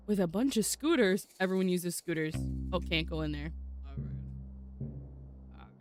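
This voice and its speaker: A woman's voice: on the low side, expressive, slow pace, music in the background. A woman voice actor chatting casually while playing a game, bubbly and cooing over cute characters. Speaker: voice actor streaming gameplay. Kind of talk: casual gameplay commentary.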